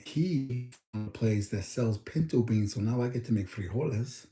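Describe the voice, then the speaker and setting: A man's voice: medium pitch, moderate pace, dark tone, reverberant, faint music behind. A young man from the States, chatting casually and rambling on his livestream. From United States. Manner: rambling, talks to chat, thinks aloud with numbers. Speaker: livestream host.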